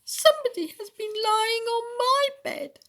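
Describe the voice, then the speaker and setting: A squeaky wailing baby bear. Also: female voice, expressive, measured pace, a bit bright, heavily acted. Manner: wailing, tearful. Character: small crying baby bear.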